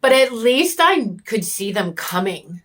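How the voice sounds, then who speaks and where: A homesteading vlogger, a woman, giving a raw personal reflection to camera, candid and heated, swearing often and pausing as she searches for words. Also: a little high, very animated, fairly bright tone. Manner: bitter and angry.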